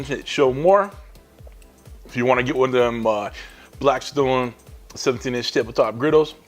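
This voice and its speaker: A chatty, enthusiastic man hosts a casual cooking vlog at a medium pitch. He walks the viewer through each step in an easygoing way, with faint music playing underneath. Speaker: cooking channel host.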